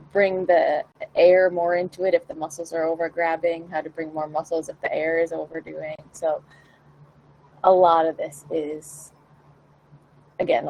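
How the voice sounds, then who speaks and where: A woman's voice: low voice, creaky, darkish tone, a little hiss or hum, rough recording. A woman vocal coach talking casually to camera, encouraging and acting out the questions singers should ask themselves. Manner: encouraging, acts out her own inner questions.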